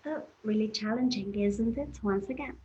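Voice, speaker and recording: A woman's voice: medium pitch, moderate pace, a little mellow, lo-fi sound, slight background noise. A woman teaching English pronunciation in an online webinar, patiently explaining and encouraging students in the chat.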